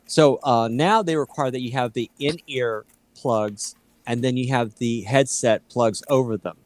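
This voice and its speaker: A man's voice: mid-range voice, darkish tone, dry recording. Rambling man in his fifties. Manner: rambling, halting, many fillers and restarts. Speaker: co-host. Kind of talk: casual chat.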